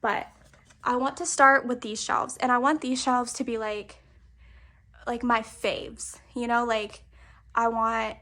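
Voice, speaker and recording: A woman's voice: fairly high pitch, level tone, takes it slowly, bright, forceful tone. A young woman, chatting casually and a little out of breath while showing off her bookshelves. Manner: chatty, filler-heavy, uses "y'all". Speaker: book vlogger. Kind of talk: casual chat.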